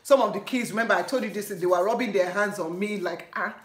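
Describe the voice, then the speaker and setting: A woman with a Nigerian accent telling a story on her vlog in an animated, laughing way. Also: medium pitch, fast talker. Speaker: vlogger. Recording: echoey room.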